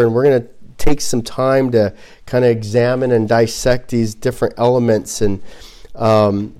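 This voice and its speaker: Male pastor, conversational preaching, animated, acts out examples. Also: mid-range voice. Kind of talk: sermon.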